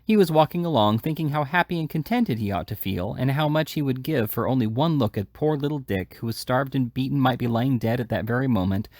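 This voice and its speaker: A man's voice: mid-range voice, animated, fairly quick, few pauses, darkish tone, no echo, studio quality. A man reading a classic novel aloud in a casual way, with occasional slips and restarts. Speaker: reader. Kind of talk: audiobook reading.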